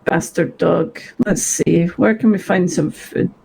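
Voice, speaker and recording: A woman's voice: lowish voice, unhurried, gravelly, a crowd in the background, rough recording. A woman role-playing in a video game, playful and giggly.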